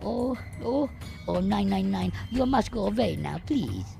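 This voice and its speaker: A woman's voice: mid-range voice, lively intonation, a little slow, creaky, warm tone, soft background music. A woman voicing a fussy, neurotic little male German gnome in an adventure game, with an exaggerated mock German accent and a fretful, flustered, sing-song manner.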